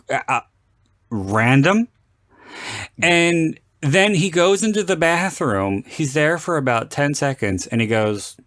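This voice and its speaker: A man hosting a podcast, chatting casually about a film and acting out scenes with lively, sweary retellings. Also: fairly high pitch, measured pace, no room sound, clean studio sound. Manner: animated storyteller, acts out quoted lines with swearing. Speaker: podcast host. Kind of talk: casual film commentary chat.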